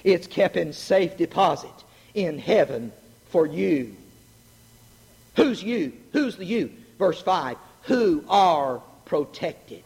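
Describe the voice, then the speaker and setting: A middle-aged man preaching a sermon, animated and joking, asking the congregation questions. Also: a little high, slow, creaky, breathy edge. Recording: long hall reverb.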